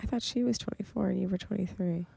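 A woman's voice: medium pitch, fast talker, creaky, mellow, breathy edge, no room sound. A young woman co-hosting a podcast, chatting casually about a reality show and quoting the cast in playful voices. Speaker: podcast co-host. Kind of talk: casual reality TV recap chat.

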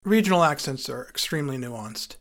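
A man's voice: medium pitch, very animated, fairly quick, a bit bright. A man narrating his own memoir in a wry, conversational storytelling manner.

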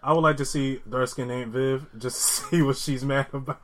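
A man's voice: medium pitch, flat delivery, normal speed, fairly bright tone, low-quality recording. Laughing man hosting a casual chat. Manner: laughs often, trails off. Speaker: podcast host.

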